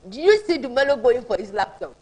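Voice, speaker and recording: A woman with a Ghanaian English accent hosts a casual TV panel chat, her voice sitting a little high. She laughs a lot and trips over restarts as she talks. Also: lively intonation, fast talker, darkish tone, low-quality recording. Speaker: TV talk show host.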